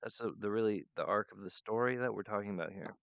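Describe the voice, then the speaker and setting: Smooth low man, rambling monologue. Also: quick pace, no room sound. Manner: meandering, loose and free-associating. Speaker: show host. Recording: dull lo-fi dry recording.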